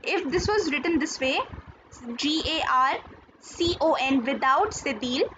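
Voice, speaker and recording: High-voiced woman teaching slowly. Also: lively intonation. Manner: patient, spells and repeats words. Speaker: French teacher. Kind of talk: slow classroom explanation. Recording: dull lo-fi video audio, faint hiss.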